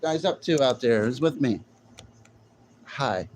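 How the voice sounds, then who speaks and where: A man's voice: mid-range voice, animated, slow, a little mellow, a little hiss or hum. A man livestreaming, chatting brashly and jokingly straight to his viewers with plenty of slang. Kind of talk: casual livestream chat.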